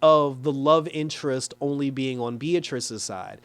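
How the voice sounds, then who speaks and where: A man giving a casual, animated review of a TV episode, talking loosely with lots of "like" and quick laughs. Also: medium pitch, smooth. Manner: animated, chatty, frequent "like" and laughs; acts out characters in exaggerated quoted voices. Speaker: TV show reviewer.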